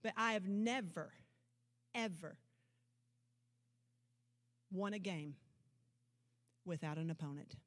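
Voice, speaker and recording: With a slow pace and long pauses, a woman pastor preaches at a church service. Her emphatic declarations and rhetorical questions alternate between loud proclamations and low, intense asides.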